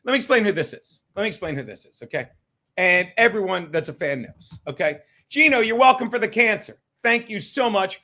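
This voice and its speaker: A man's voice: high-pitched, lively intonation, fairly quick, bright, forceful tone. A man hosting a livestream, ranting profanely about critics and thanking viewers by name. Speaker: livestream host.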